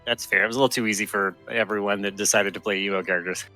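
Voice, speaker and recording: A man's voice: lowish voice, steady tone, rapid-fire, sharp tone, soft background music. A man playing in a tabletop game, casual with a dry, joking manner. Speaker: player.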